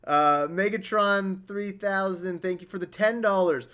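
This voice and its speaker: A man's voice: high-pitched, slow, fairly bright tone, clean tone. A man casually chatting on his livestream, reading out donation messages and laughing easily.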